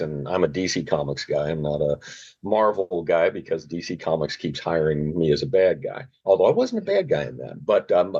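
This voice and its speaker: Husky-voiced actor telling anecdotes. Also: male voice, low voice. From Richmond. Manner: relaxed, self-deprecating, slips into other languages. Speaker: actor, interview guest. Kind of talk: casual anecdotal storytelling. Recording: dull lo-fi podcast audio.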